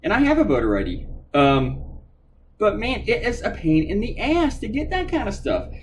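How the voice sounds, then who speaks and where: A man's voice: high voice, moderate pace, slight background noise, poor audio. A middle-aged man, a cartoonist, ranting angrily and profanely while drawing on a live stream. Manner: angry, profane, animated.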